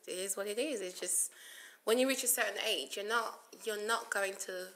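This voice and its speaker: A woman's voice: mid-range voice, normal speed, fairly bright tone. A woman guest on a news chat podcast, talking in a dry, matter-of-fact way. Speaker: guest journalist.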